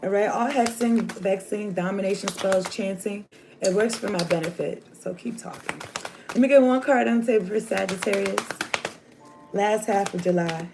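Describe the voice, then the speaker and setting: A woman's voice: medium pitch, normal speed, vocal fry, over music. A woman giving a casual, rambling tarot reading to her viewers, chatty and slangy. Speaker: tarot reader. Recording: noisy home recording.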